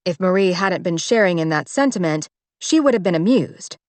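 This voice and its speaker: A woman narrating a romance audiobook in a measured, even way on a close microphone. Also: lowish voice, no echo. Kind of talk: scripted narration.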